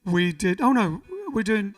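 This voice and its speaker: At a measured pace and in a high voice, a band frontman hosts a livestream from his living room. He reads viewer comments and chats in a loose, rambling way between songs. The recording catches him a little far from the mic, with faint music in the background.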